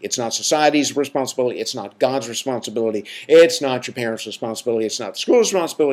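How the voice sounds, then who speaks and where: Folksy, preachy man hosting a podcast. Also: medium pitch. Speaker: podcast host. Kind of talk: casual monologue.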